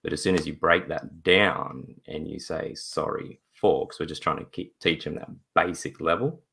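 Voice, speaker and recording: Male guest: low, raspy, bright-edged voice; laughing, animated storyteller on a video call. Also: normal speed. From Australia. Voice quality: deep gravelly voice. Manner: laughs often, acts out voices in his stories. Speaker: interview guest, father. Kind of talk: casual storytelling in a live video interview.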